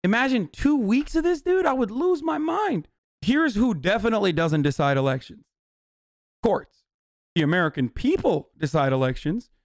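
A man streaming live, reacting to news clips in an excitable, profane, rambling way. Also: high voice, normal speed, no room sound, clean studio sound. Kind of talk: casual reaction commentary.

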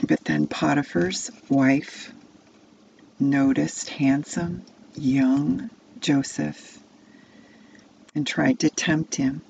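Woman slowly telling a children's Bible story. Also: deep voice, steady tone, creaky, darkish tone, lo-fi sound, slight background noise. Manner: second-person immersive storytelling.

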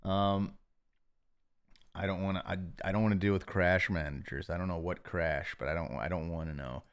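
A man's voice: low voice, steady tone, normal speed, clear, resonant tone. A male streamer in his home office, reading out chat messages and thanking viewers in a casual, stammering, self-mocking way.

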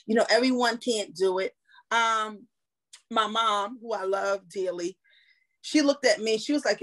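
Lively woman guest telling a story. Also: fairly high pitch, brisk. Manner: animated, laughing storyteller. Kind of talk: casual storytelling interview.

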